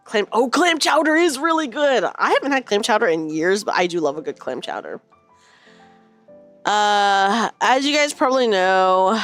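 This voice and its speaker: A woman's voice: medium pitch, wildly swooping pitch, normal speed, fairly bright tone, soft background music. A woman from the United States streaming a casual chat, giggling as she reads out and answers her viewers' chat.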